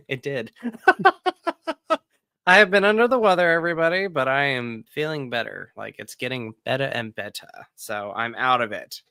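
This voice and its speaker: A man's voice: mid-range voice, fairly quick, pushed and bright, clear, resonant tone, dry recording. A man in his thirties hosting a casual live-stream podcast, chatty and upbeat, talking straight to his viewers. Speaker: podcast host.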